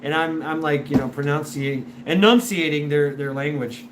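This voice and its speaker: A man's voice: a little high, normal speed. Rambling man with stammered restarts. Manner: animated when imitating others. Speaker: show host. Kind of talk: casual rambling monologue. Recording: noisy background.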